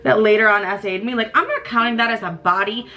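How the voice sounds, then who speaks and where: A woman's voice: a little high, fast, bright, forceful tone, highs cut off. A young woman in her twenties chatting casually and swearing a lot while getting ready on camera. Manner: chatty, profane, frequent likes. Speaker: vlogger. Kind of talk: casual get-ready-with-me chat.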